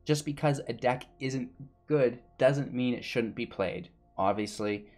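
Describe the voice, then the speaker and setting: A man's voice: mid-range voice, unhurried, a little mellow, faint music behind. A man giving casual gameplay commentary and a rambling channel outro, tired and a bit out of breath, with lots of fillers. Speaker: gaming YouTuber and streamer.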